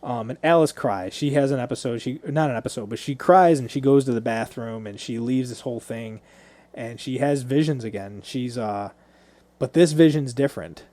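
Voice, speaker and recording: A man talks through a film plot on a podcast, chatty and peppered with swearing. His voice sits mid-range with a warm, mellow tone. The recording is dry and close. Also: medium pitch, normal speed, no room sound. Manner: loose, profane storytelling. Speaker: podcast co-host. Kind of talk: casual movie recap.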